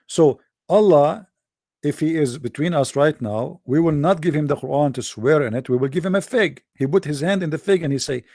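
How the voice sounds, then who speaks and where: Gravelly-voiced man hosting a debate show. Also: fairly high pitch, brisk, a little mellow, no echo, studio quality. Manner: emphatic, mocking, repeats himself. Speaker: host of an online debate show. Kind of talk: casual monologue to a live audience.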